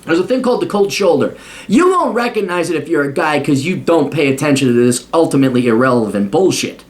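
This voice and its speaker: A man's voice: on the high side, lively intonation, quick pace. A man in his forties giving a blunt, profane, opinionated casual monologue. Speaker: host.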